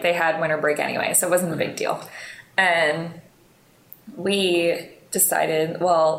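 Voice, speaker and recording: A woman's voice: fairly low pitch, fairly bright tone. A young woman telling stories in a casual interview, rambling and self-deprecating, laughing often. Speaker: interview guest, musician. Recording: roomy, echoey room.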